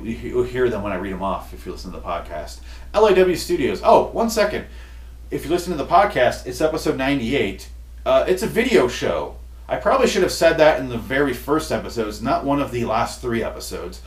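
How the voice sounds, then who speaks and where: A man hosting a comedy podcast, ranting in an exasperated, profane way, with his voice going hoarse. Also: medium pitch. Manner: exasperated, profane, building to shouty outbursts. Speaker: podcast host. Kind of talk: comedic rant. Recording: roomy echo, distant mic.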